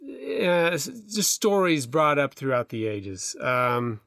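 A man's voice: fairly high pitch, wildly swooping pitch, slow pace, fairly bright tone, no echo, clean studio sound. A middle-aged man co-hosting a casual chat, rambling and hesitant, with many restarts and fillers. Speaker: podcast co-host.

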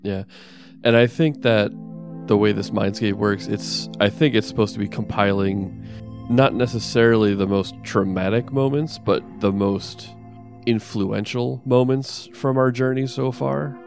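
A man's voice: lowish voice, a little slow, over music. A man taking part in a tabletop game, musing in loose casual phrasing. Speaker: player.

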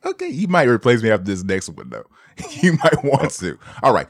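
A man's voice: medium pitch, wildly swooping pitch, normal speed, dry recording, studio quality. A man co-hosting a podcast, teasing playfully and laughing often. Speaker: podcast co-host. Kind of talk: casual podcast banter.

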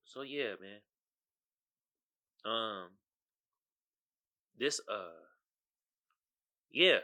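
A man's voice: on the low side, lively intonation, very slow, pushed and bright. A man hosting his own podcast, talking casually in slangy commentary and often asking "you feel me.". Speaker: podcast host.

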